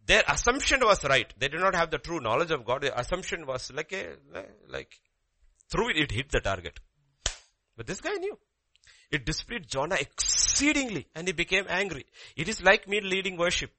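Bright, animated male preacher. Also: moderate pace. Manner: animated preaching with sudden pitch jumps and quiet drops. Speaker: pastor. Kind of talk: sermon.

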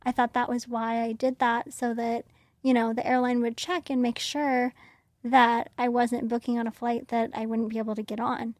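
A woman's voice: on the high side, flat delivery, normal speed, no echo, clean studio sound. A young woman telling a personal story in a casual, conversational way, full of "like" fillers. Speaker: interview guest.

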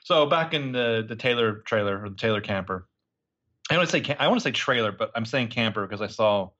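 A man's voice: a little fast, highs cut off. A man co-hosting a casual podcast chat, recapping a TV episode and acting out the characters' lines. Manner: animated, acts out characters' lines with big pitch jumps.

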